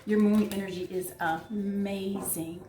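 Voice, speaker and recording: A woman's voice: medium pitch, measured pace, roomy sound. Gushing woman reading tarot. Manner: excitable, gushing, breathless asides. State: out of breath. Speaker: tarot reader.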